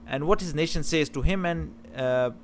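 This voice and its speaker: A man's voice: on the high side, moderate pace, a little hiss or hum. A man teaching about scripture in a talk, stressing key words with emphasis and often restarting his phrases. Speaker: religious teacher.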